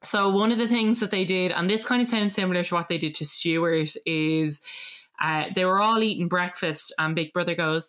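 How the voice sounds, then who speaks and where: A woman's voice: sits low, fairly even intonation, a little slow, fairly bright tone. A woman, hosting a casual chat and animatedly retelling a story, acting out quotes and laughing often. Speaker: podcast host. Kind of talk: casual chat recapping a reality show.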